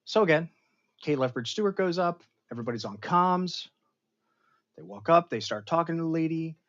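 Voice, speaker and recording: A man's voice: fairly high pitch, lively intonation, a little fast, a bit bright, muffled recording. A man hosting a casual episode review, retelling the plot with dramatic emphasis and chatty asides. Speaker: pop culture show host.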